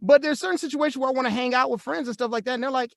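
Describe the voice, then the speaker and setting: High-voiced man ranting with a laugh. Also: creaky, dry recording. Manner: animated and ranting, quick to laugh. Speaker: co-host. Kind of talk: casual chat on a live show.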